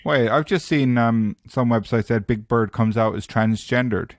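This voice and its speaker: A man's voice: mid-range voice, normal speed, no room sound. A man hosting a casual podcast chat, teasing his friends and steering them back to the questions. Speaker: podcast host.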